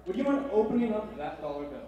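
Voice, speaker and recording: A man performing a live comedy magic act on a convention stage, goofy and hyper with sudden bursts of yelling. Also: sits high, very animated, quick pace, muffled recording, heavy background noise. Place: large convention hall stage. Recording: echoey hall from far off. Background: loud laughing, cheering crowd.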